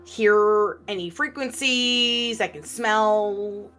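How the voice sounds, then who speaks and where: Brief: mid-pitched female player, loose and chatty, soft background music. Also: drawn-out words. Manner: chatty, many fillers. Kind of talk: casual tabletop play.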